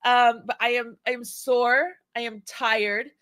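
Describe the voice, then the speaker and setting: A woman in her forties hosts a casual chat, rambling happily with laughs and restarts. Her voice is bright and a little high. The sound is dry and close. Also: fairly even intonation, a little slow, clean tone, no echo. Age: 40s. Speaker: host.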